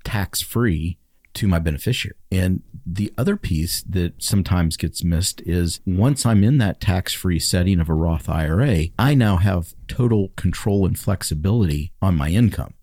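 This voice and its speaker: A man who works as a retirement planning specialist, explaining things calmly on a radio talk show, with many fillers. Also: deep voice, normal speed, no echo, studio quality. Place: radio studio.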